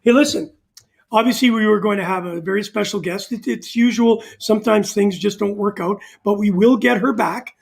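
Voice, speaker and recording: A man with a high voice and a gravelly edge, co-hosting a casual talk show. He rambles along, padding his sentences with "uh". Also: normal speed. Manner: rambling, frequent "uh" fillers. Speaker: co-host.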